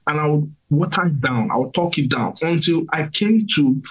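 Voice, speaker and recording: A man's voice: on the high side, moderate pace, slightly rough, rough recording. A young man hosting a motivational talk in a sermon style, reading scripture and repeating his key points with emphasis. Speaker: motivational podcast host.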